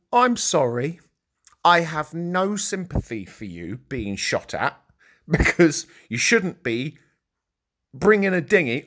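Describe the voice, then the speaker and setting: A man reads an article aloud in a middle-pitched voice. He keeps breaking off to mock it with blunt, sarcastic asides. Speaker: commentary vlogger. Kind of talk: reacting to a news article.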